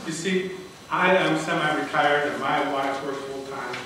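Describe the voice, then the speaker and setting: Speaking at a measured pace with a voice on the high side, an older man tells a personal story in a prepared contest speech, earnest and dramatic. The distant microphone in the large hall picks up echo, faint ambience and a noisy background.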